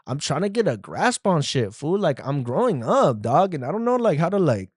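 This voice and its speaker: A man's voice: on the high side, very animated, moderate pace, a little mellow, slightly rough, no room sound. A podcast host voicing a vulnerable young street dude who drawls slang and ends his phrases with 'fool' or 'dog', recorded on a phone in a dry room. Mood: laid-back. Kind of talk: comedic podcast bit.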